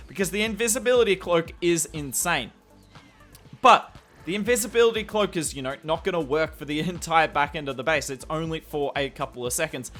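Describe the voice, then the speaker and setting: Bright-voiced Australian gaming commentator. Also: male voice, high-pitched. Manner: enthusiastic, explanatory, self-deprecating. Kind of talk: gameplay commentary.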